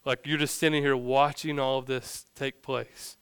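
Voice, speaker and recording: A man's voice: mid-range voice, level tone, normal speed, a bit bright, clean tone, no echo, studio quality. A young adult man preaching a sermon, reading scripture, then retelling the story in a loose, joking way. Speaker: pastor.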